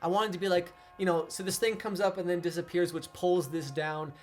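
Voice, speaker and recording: Young man, slightly high voice, rambling casual explainer, faint music underneath. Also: steady tone, fairly quick. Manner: rambling, heavy with filler words. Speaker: video essayist.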